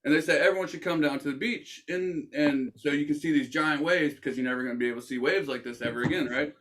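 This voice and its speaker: A man's voice: fairly high pitch, quick pace, background noise. A young man hosting a casual podcast, telling a story with lots of swearing and acted-out quotes. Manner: animated, swears, acts out quoted voices. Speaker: podcast host.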